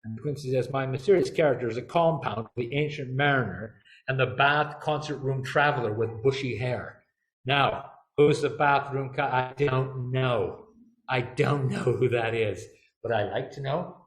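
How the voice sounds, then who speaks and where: A man's voice: mid-range voice, moderate pace, roomy sound. A man giving a public lecture in a chatty way, full of fillers and playful quoted asides.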